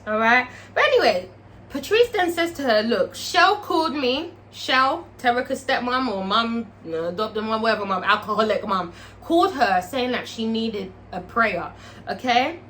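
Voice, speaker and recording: A woman casually recapping a TV episode, animated, swearing and checking in with the viewer. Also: on the high side, normal speed, a little hiss or hum. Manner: animated, frequent swearing, checks in with "all right?". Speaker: TV show reviewer.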